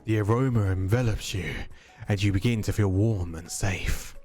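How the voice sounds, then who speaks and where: A man streaming a dating game, reading the narration aloud and tossing in animated, casually profane asides. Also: on the low side, normal speed, soft background music.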